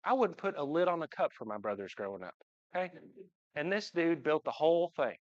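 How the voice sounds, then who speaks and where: A man's voice: a little high, big pitch swings, brisk. A man, speaking to his church congregation about his family in a joking, heartfelt way. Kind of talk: personal church talk. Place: church sanctuary, at the front. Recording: dull livestream audio.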